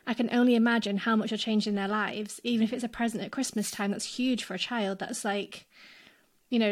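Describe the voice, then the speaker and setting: Young woman host with a slightly high voice who gushes with praise in casual interview chat. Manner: warmly effusive, gushing.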